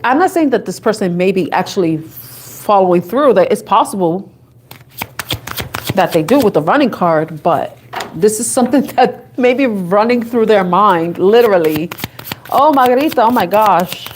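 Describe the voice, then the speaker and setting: A chatty woman reads tarot cards and thinks out loud as she goes. She giggles easily, and her voice sits in an ordinary middle register. A little background noise sits under her voice. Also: mid-range voice, expressive, normal speed. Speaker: tarot reader. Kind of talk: casual tarot reading to camera.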